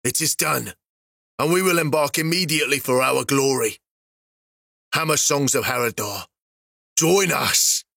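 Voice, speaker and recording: A man voicing a pompous dwarf king, slow and grand. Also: mid-range voice, vocal fry, bright, forceful tone, dry recording, clean studio sound, exaggerated voice. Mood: proclaiming. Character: boastful brutal male dwarf king.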